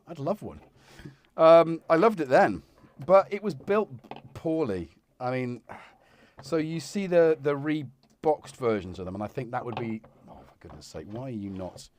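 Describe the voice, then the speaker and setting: A man's voice: mid-range voice, expressive, normal speed, darkish tone, slight background noise. A man hosting a live stream as he repairs a synthesizer, chatting casually and muttering to himself mid-task with self-deprecating asides. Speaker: livestream host repairing a synth. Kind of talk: casual live-stream chat while working. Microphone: wireless mic that drops out of range.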